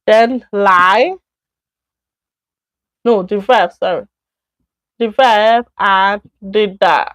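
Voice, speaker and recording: A woman with a Nigerian accent teaching a beginner Chinese lesson on a live stream, slowly repeating words and correcting herself. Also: medium pitch, fairly bright tone, dry recording, clean studio sound.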